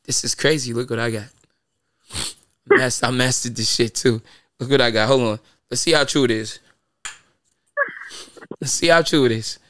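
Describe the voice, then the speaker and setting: A man's voice: medium pitch, fairly even intonation, normal speed, pauses often, fairly bright tone, dry recording. Blunt, profane New man, dry sound. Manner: blunt, profane, storytelling with quoted voices. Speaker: podcast host. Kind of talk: casual advice chat.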